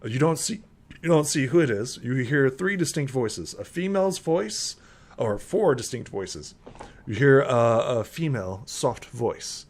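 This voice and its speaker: A man's voice: mid-range voice, sing-song, measured pace. Rambling game master man. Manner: rambling, many fillers and restarts. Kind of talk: narrating a tabletop game.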